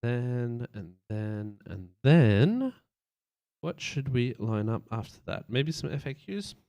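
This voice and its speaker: In a dry, studio-quality recording, a man with a mid-range, slightly mellow voice and vocal fry talks a little slowly. It's casual live-stream commentary as he works on a website layout, full of rambling, thinking aloud, and playful beeps.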